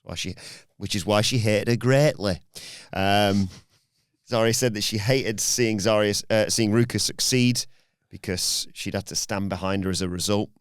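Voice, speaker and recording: A man's voice: on the low side, normal speed, smooth, no echo, clean studio sound. A man co-hosting a podcast, reading out a recap with plenty of ums and uhs. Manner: reads recap with fillers, um and uh. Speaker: podcast co-host.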